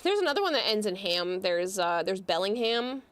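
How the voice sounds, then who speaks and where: A woman's voice: medium pitch, big pitch swings, normal speed, a little hiss or hum. A woman, chatting casually on a livestream and explaining with amused laughs.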